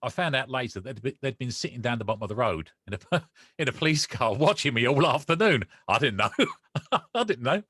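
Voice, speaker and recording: A man's voice: medium pitch, fast talker, slightly rough, no room sound, studio quality. A man, a podcast guest, telling a personal story with feeling and acting out the conversations he recalls. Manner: emotional, animated retelling with quoted dialogue.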